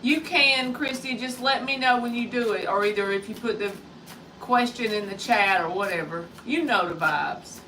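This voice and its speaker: Chatty bright-voiced woman tarot reader. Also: medium pitch, moderate pace, recorded from a distance, slight background noise, rough recording. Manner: chatty, greets viewers by name. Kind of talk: live-stream tarot reading.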